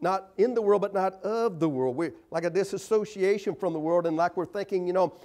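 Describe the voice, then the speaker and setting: A man preaching a sermon in church, earnest and emphatic, slowing to stress key phrases and scripture. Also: high-pitched, a little mellow.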